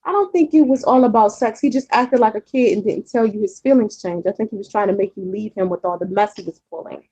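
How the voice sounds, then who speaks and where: Talking fast in a husky, dark, medium-pitched voice, this vlogger replies to her viewers' comments. She's chatty and frank, curses frequently, and rambles with many fillers and repeats, all on a muffled recording.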